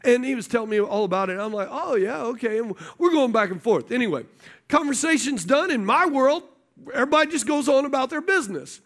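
A man with a high voice preaches to his congregation, mixing Bible verses with a story from his own working life. He keeps checking in with the room through quick questions and builds toward his points. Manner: storytelling preacher, animated, asks the audience questions. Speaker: pastor. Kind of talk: sermon.

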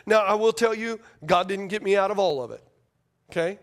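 A man with a very high voice preaches to his congregation in a loose, conversational way. He repeats himself for emphasis, throws questions at the room, and climbs toward near shouts before sinking to a hush. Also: a little fast. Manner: rises to near shouting at climaxes, drops to hushed tones in prayer. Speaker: pastor. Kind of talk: sermon.

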